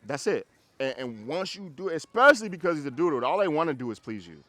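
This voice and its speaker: A man working as a dog trainer, coaching casually outdoors on a walk, animated and often repeating himself as he acts out little scenes. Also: on the high side, quick pace, no room sound.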